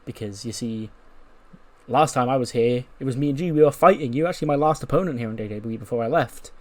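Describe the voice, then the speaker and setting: A man voicing a determined veteran male wrestler who talks in a measured, sarcastic way. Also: medium pitch, a little mellow, close to an everyday voice.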